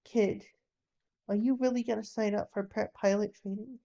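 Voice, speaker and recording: A woman voicing a young male wartime pilot, bitter about dying young and gentle with a boy, in a storybook reading. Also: mid-range voice, steady tone, normal speed, vocal fry, lo-fi sound, natural voice. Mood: bitter, tender.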